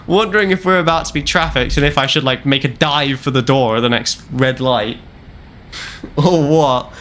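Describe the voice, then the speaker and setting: A man's voice: medium pitch, takes it slowly, pauses often, fairly bright tone, a little hiss or hum. A young man streaming a game, casually telling a long rambling travel story with wry repeats. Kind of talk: casual storytelling while gaming.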